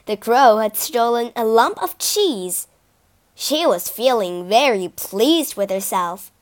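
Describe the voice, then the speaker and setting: A woman narrating children's fables in a lively, expressive storybook reading. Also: a little high, takes it slowly.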